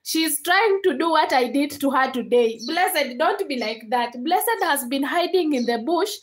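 Young kenyan woman live streaming, high voice, chatty, laughs a lot, mixes in swahili. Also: animated, a little slow, rough recording. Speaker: livestreamer. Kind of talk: casual live-stream chat.

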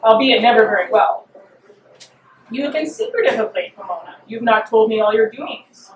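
A woman's voice: a little high, animated, moderate pace, recorded from a distance, slight background noise, natural voice. A woman voicing an ancient, mocking goddess of deception who sneers and crows her taunts, read aloud at a live reading. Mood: commanding. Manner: sneering, crowing, sing-song taunts. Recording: roomy hall, mic from afar.

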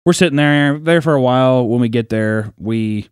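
A man's voice: mid-range voice, moderate pace, clear, resonant tone, dry recording, clean studio sound. A young man on a podcast, telling a childhood story in casual, profane chat and acting out the people in it. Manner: animated, profane, acts out quoted voices. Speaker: podcast co-host.

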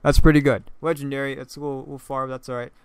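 Joking young man, smooth dry voice. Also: medium pitch, little pitch movement, rapid-fire, no echo. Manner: joking, self-mocking, laughs often; repeats and stumbles over words. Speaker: gaming YouTuber. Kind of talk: casual gameplay commentary.

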